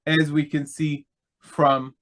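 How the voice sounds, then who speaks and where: A man's voice: a little high, flat delivery, slow pace, fairly bright tone. A man teaching an online Bible class, explaining patiently and checking in with "okay?" as he goes.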